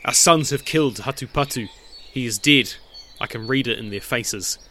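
A man voicing a stern, grave father who speaks in short, clipped sentences. His voice stays level and mid-pitched, close to the narrator's own. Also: moderate pace, sharp tone, slight background noise. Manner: curt, grave. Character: stern grieving older father.

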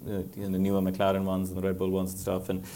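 A man's voice: sits low, fast talker. A middle-aged man, a former racing driver, telling anecdotes on a live panel and laughing often. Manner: animated storytelling, laughs often.

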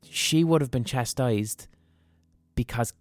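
A man's voice: mid-range voice, takes it slowly, no echo, faint music behind. A man hosting a podcast, telling stories in a frank, rambling monologue with plenty of swearing and restarted sentences. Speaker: podcast host. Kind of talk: candid monologue.

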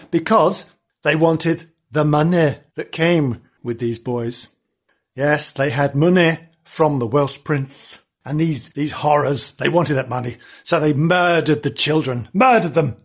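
A man's voice: fairly high pitch, husky. A man hosting a comic ghost-story podcast, telling the tale in a theatrical, melodramatic way. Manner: theatrical and melodramatic, hamming up the gore.

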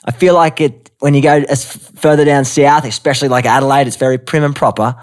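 A man's voice: medium pitch, steady tone, fast. A man with a broad Queensland Australian accent, a guest on a podcast interview, talking candidly in a laid-back way. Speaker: guest, actor.

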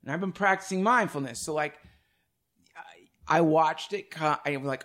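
His voice sits on the high side with a fairly bright tone and a normal pace as he hosts a podcast. The conversation is casual and lively, full of swearing and laughter.

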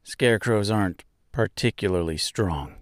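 A man's voice: mid-range voice, very animated, slow, no room sound, studio quality, voice pushed up. A man voicing a sad, lonely male scarecrow in an audiobook, speaking in a hesitant, downcast way. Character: glum male scarecrow, lonely and self-pitying. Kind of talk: audiobook character voice.

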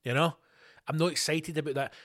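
A middle-aged Scottish man ranting on his own show, his voice sitting a bit higher than most men's. He swears freely and drifts from tangent to tangent. He tells his stories with lively, animated energy. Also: brisk. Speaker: podcast host. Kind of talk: casual solo rant.

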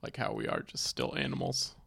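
Lively-voiced man who laughs easily. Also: medium pitch, brisk, creaky, slightly rough. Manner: laughs easily, plays along. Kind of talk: casual comedic chat.

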